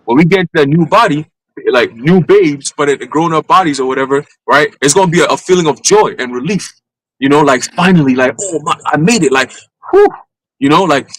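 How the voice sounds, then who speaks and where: A man teaching at a live church gathering, talking in a casual, animated way with street slang. His voice sits a little high for a man. He stumbles and restarts often while he makes his point. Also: no room sound, rough recording. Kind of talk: informal sermon.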